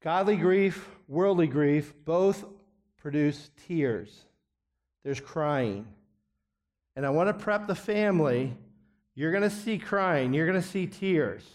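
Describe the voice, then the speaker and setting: A middle-aged man teaching a biblical counseling class in an earnest, deliberate way, often letting his voice fall quiet at the ends of phrases. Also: fairly high pitch, expressive. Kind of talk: classroom lecture.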